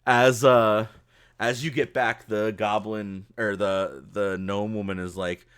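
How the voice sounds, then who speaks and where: A man narrating a tabletop game as game master, casual and excitable, often laughing as he describes the action. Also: fairly low pitch, slow, clean tone.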